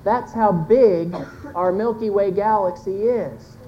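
A woman's voice: medium pitch, takes it slowly, highs cut off, slight background noise. Earnest woman teaching a church congregation. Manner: folksy and earnest, addresses the congregation, self-correcting. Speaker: church speaker teaching with a chart. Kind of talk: sermon-style teaching talk.

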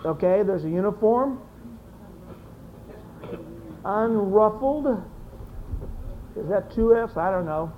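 A teacher at a middling pitch runs a lively classroom discussion, echoing students' answers back to them. The voice sounds dull and lo-fi, as if caught on an old classroom mic, with faint noise behind it. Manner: brisk, encouraging, repeats students' answers aloud.

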